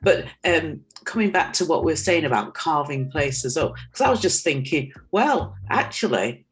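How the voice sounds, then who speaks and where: A woman's voice: low voice, expressive, normal speed, soft background music, low-quality recording. A woman from the audience joining an online talk by video call, chatting casually in a meandering way with many fillers. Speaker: audience member. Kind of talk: casual chat.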